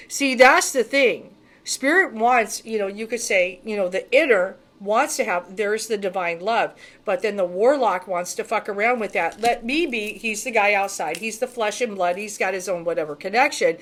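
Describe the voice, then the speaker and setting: A woman's voice: mid-range voice, normal speed, a bit bright. A woman spiritual reader talking casually to camera in a blunt, emphatic, heavily profane way.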